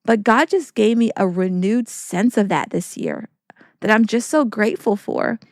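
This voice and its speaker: A woman's voice: medium pitch, expressive, normal speed, no room sound, studio quality. A woman hosting a faith-based podcast, talking in an earnest, encouraging way with preacherly repetition. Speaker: podcast host.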